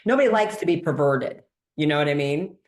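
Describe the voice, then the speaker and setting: A woman host and doctor in a casual interview conversation, animated, laughing often and acting out quoted dialogue. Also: sits low, a little fast.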